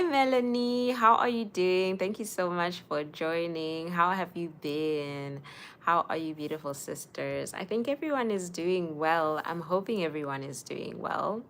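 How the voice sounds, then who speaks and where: A young woman, hosting a casual livestream and chatting warmly with viewers by name. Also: on the low side, expressive, measured pace. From Zimbabwe. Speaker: livestream host.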